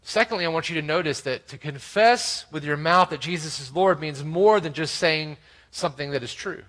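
A pastor with a high-pitched voice walks through a scripture passage. He rises to loud emphasis and drops to quiet asides, often checking in with "right?". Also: normal speed, rough recording. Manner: expository preaching with frequent "right?" asides. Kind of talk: sermon.

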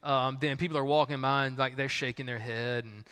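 Bright-voiced joking male pastor. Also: medium pitch, a little fast, clear, resonant tone, in a large hall. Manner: animated, joking, many fillers and restarts. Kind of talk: humorous sermon to a live congregation. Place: large church hall with audience.

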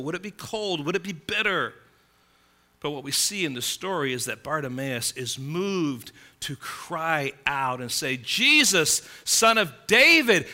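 A male preacher with a very bright, ringing voice set a little high. He delivers his sermon dramatically, swinging between loud cries and quiet, low stretches, and keeps asking his listeners questions.

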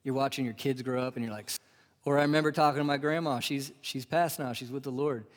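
A man in his thirties preaching a sermon. He swings from loud, rising emphasis to hushed, drawn-out near-whispers. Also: mid-range voice, steady tone. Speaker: pastor. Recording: live sermon with long hall reverb.

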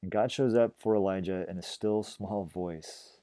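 A man preaching a reflective sermon, often dropping to a hushed, gentle voice. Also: sits low, moderate pace, no room sound. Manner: gentle, reflective, drops to a hush on quiet phrases. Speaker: pastor.

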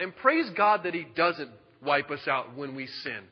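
A male pastor preaching a sermon, animated and joking, dropping from loud emphasis to a hushed voice. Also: a little high, a little slow, few pauses. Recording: dull lo-fi sound with long reverb.

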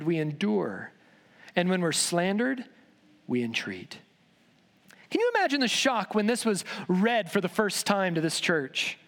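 A man preaching a sermon in a church, emphatic, dropping low and slow on key words. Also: fairly bright tone. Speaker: pastor. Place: large church sanctuary. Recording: long reverb in a church hall.

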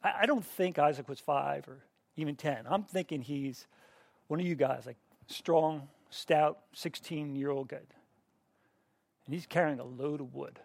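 Gravelly-voiced middle-aged man teaching a class. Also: on the high side, a little slow, no room sound. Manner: conversational, questions the class, frequent restarts. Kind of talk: interactive Bible teaching.

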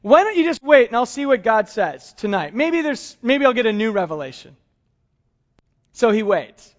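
Man, sermon, very high voice, humorous and chatty, dull lo-fi sound. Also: big pitch swings, normal speed. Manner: humorous, conversational, chuckles often. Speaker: pastor.

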